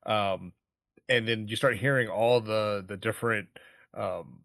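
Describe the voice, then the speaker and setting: A man's voice: fairly low pitch, fairly even intonation, unhurried, vocal fry, fairly bright tone, no room sound. Rambling man with a dry sound. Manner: rambling, many fillers, quoting lines. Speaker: podcast co-host. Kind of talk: casual movie podcast chat.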